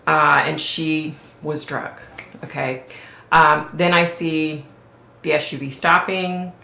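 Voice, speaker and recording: A low-pitched woman with a gravelly, bright edge to her voice tells a story to camera. She rambles casually and keeps checking in with her viewers. The recording sounds roomy and echoey. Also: fairly even intonation, slow pace. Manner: rambling, full of "like" and "okay?" check-ins. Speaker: psychic vlogger. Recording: roomy echo.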